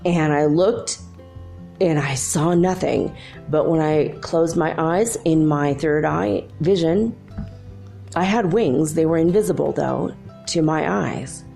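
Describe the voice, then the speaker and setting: Woman, middle-aged, podcast host, low gravelly voice, chatty, laughs a lot. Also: slow pace, faint music behind. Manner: chatty, animated, laughs often, quotes herself and her son. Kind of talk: casual spiritual storytelling.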